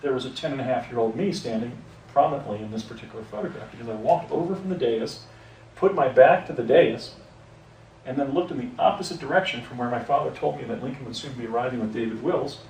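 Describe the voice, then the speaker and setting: A man's voice: mid-range voice, quick pace, a little mellow, slight background noise. A man telling a personal story outdoors, often stopping to correct himself and restarting his sentences. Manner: rambling, self-correcting, with frequent restarts. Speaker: storyteller recounting a personal experience. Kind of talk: unscripted first-person account. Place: outdoors, on location. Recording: roomy echo, mic at a distance, faint ambience.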